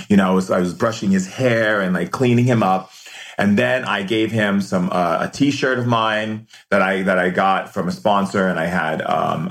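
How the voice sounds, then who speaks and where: Rambling man telling a heartfelt story. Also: sits low. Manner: rambling, repeats words, slips into quoted voices. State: near tears toward the end. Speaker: storyteller, self-described shaman. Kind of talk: emotional personal storytelling.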